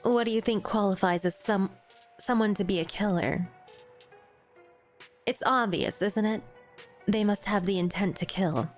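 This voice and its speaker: A woman reads out the part of a ruthless young squad leader with a mid-pitched, even voice. She speaks calmly and with contempt, laying out the enemy's failings like settled fact. Faint music plays underneath. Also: lightly acted. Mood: cold. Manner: calm, contemptuous, measured taunting. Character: cold ruthless young female squad commander. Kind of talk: reading game dialogue aloud on stream.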